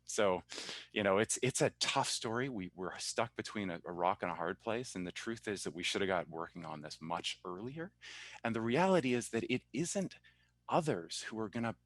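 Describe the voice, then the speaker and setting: A man with a fairly low voice explains his points in a measured, lecturing way as a panelist. He speaks over a video call, and the sound is dry and close. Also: a bit bright, no echo. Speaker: university professor panelist. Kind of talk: panel discussion.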